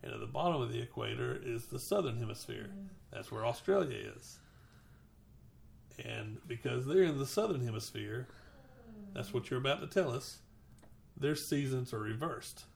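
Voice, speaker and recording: Podcast co-host, woman, deep and heavily fried voice, casual and explanatory. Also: expressive, normal speed, vocal fry, long pauses, a little mellow. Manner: explains things step by step.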